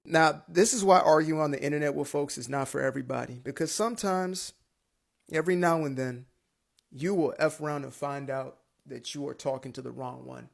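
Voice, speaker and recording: A man, the host, answers an online critic in a lecturing commentary. His voice sits slightly high and has a gravelly edge as he lays out dates and facts point by point. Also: brisk. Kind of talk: commentary video.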